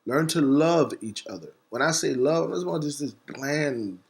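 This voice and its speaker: A man hosting a talk segment, delivering a fiery, preacher-like monologue. He spells words out letter by letter and swings between rapid bursts and slow, stressed words. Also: on the high side, expressive, gravelly. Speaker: host. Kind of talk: impassioned monologue.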